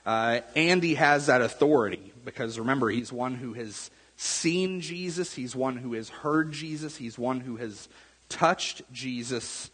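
Husky-voiced pastor preaching in a reverberant hall. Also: male voice, mid-range voice, unhurried, fairly bright tone. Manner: conversational, repeats words, asks the room "right?". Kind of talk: sermon. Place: church sanctuary.

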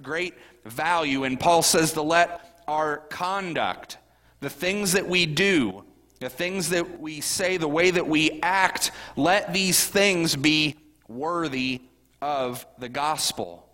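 A man's voice: fairly high pitch, takes it slowly, pushed and bright, in a large hall. A middle-aged man, a pastor, preaching a sermon in a conversational way, often asking the congregation questions.

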